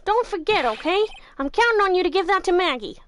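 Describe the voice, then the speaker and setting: A woman's voice: very high voice, lively intonation, a little fast, slight background noise, voice pushed up. A woman voicing an earnest, friendly male detective who pleads for a favor. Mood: pleading.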